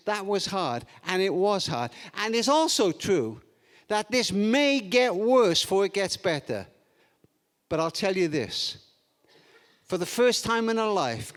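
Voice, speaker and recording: An older man giving a parenting talk, telling anecdotes with playful humour and acting out the people in them. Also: high voice. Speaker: parenting speaker. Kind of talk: storytelling seminar talk. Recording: long reverb of a large hall.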